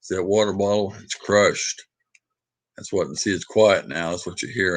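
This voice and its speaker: A man hosting a casual livestream from home, rambling and reading viewer comments out loud with lots of hesitant fillers. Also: low-pitched, unhurried, dry recording. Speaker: livestream host. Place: at home with his dog.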